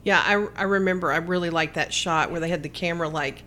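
A woman co-hosting a casual movie chat, reviewing films in a lively, upbeat way. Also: fairly low pitch, fast, slight background noise. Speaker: movie talk co-host.

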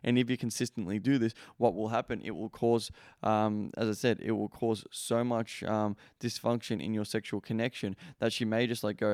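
A man's voice: fairly low pitch, steady tone, moderate pace, darkish tone, dry recording, clean studio sound. A male podcast host in a casual coaching monologue, blunt and emphatic, swearing freely and leaning on lots of "like" fillers.

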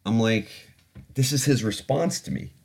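A man's voice: mid-range voice, normal speed, creaky, darkish tone. A man hosting a podcast, telling a personal story in a candid, profane, reflective way. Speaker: podcast host. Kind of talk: casual storytelling.

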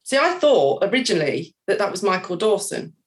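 A woman's voice: lowish voice, sing-song, fairly quick. A woman playing along as a quiz contestant on a video call, unsure of her answers and laughing along. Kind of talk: casual chat.

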